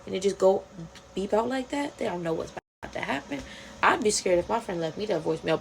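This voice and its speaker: A woman casually retelling a webtoon plot to her viewers, animated and swearing freely, acting out the characters' lines. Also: mid-range voice, fast, creaky, a little hiss or hum, low-quality recording. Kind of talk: casual storytime rant.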